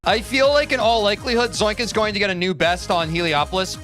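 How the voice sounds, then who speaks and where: A man's voice: high-pitched, quick pace, a bit bright, faint music behind. A young man streaming live who chats casually with his viewers and counts aloud while he plays. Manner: chatty, counting aloud, talks to chat.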